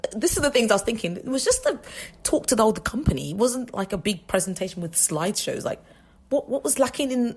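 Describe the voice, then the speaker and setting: A woman's voice: mid-range voice, husky. A woman hosting a faith radio show, telling personal stories in a chatty, rambling way with frequent laughs and restarts. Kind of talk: casual faith talk monologue.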